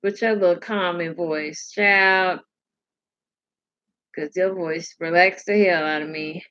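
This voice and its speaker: A woman's voice: on the low side, steady tone, takes it slowly, fairly bright tone, highs cut off. A sleepy woman hosting a casual live stream, rambling, laughing and answering comments from her chat.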